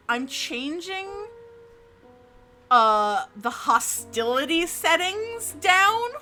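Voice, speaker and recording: A woman's voice: high voice, pushed and bright. A woman from New Jersey streaming live in a casual chat, cursing often and restarting her sentences. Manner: frustrated, swears freely, lots of restarts.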